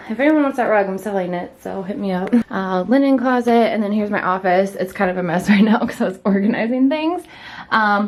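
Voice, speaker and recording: A young woman talks to her handheld camera as she walks through her house, chatty and quick to giggle. She is out of breath from a workout, and her voice sits at a middle pitch for a woman. A faint hiss runs under the recording. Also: darkish tone. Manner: chatty, giggly, talks while walking room to room. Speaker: vlogger giving a house tour. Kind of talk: casual vlog chat. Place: inside a house. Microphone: handheld vlog camera.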